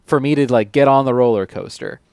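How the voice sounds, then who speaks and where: A man's voice: medium pitch, a little fast, vocal fry, no echo, studio quality. A man co-hosting a casual movie podcast, rambling with plenty of "like"s. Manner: rambling, many "like"s, softens toward the ends of phrases. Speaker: podcast co-host. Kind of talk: casual movie-review chat.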